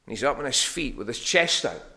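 A male preacher delivers a sermon in an easy, conversational way, often pausing on "uh" and restarting his sentences. His voice is bright and clear, at an ordinary mid pitch. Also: lively intonation. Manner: conversational, with frequent fillers and restarts.

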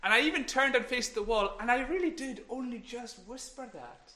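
A man's voice: very high-pitched, normal speed, bright, forceful tone. A middle-aged man gives a playful, encouraging children's talk in church on a microphone, sometimes dropping to a whisper. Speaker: minister giving a children's talk.

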